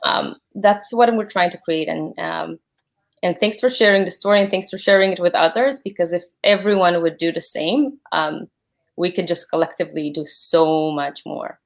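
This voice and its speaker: A woman's voice: lowish voice, fairly even intonation, normal speed, gravelly. A woman in her thirties, a guest in an interview, speaking earnestly and gratefully with many fillers. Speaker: guest, platform founder. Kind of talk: conversational interview.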